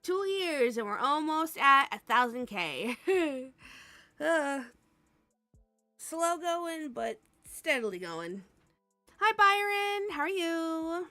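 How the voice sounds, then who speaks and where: Soft background music and no room sound accompany a high-pitched, sing-song, slow voice with a sharp tone. The tired American woman laughs a lot as she casually chats on her live stream and says hello to viewers by name.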